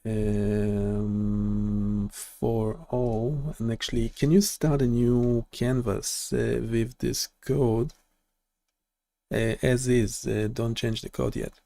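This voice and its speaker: A man's voice: medium pitch, little pitch movement, takes it slowly, vocal fry, dark tone, dry recording. A man hosting a live coding stream, thinking aloud and giving instructions to an AI assistant.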